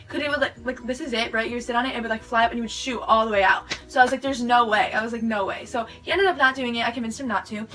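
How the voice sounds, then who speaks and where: A teenage girl rushes through a rambling story for her vlog, words tumbling out with "like" everywhere. Her voice is bright and fairly high. She sounds a little far from the camera mic, with faint music in the background. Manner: rambling, filler-heavy retelling with lots of "like". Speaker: vlogger. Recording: sped-up audio from a distant mic with music behind.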